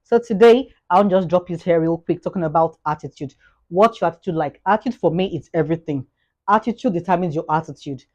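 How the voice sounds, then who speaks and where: Fast-talking Nigerian woman vlogger. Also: lowish voice, muffled recording. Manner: repetitive, fast, grows animated with acted-out anecdotes. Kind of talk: casual motivational monologue.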